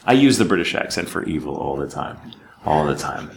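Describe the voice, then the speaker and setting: A man from Texas, a voice actor, telling animated stories at a convention panel and slipping into British voices. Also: rumbling low, moderate pace, vocal fry, roomy sound, background noise. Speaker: voice actor guest.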